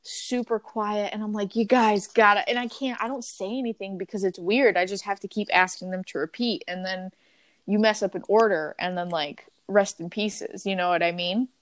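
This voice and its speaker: Young woman, casual podcast host, animated and sweary, dry close mic. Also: mid-range voice, normal speed, dry recording. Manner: animated storytelling with frequent fillers. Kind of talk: casual chat.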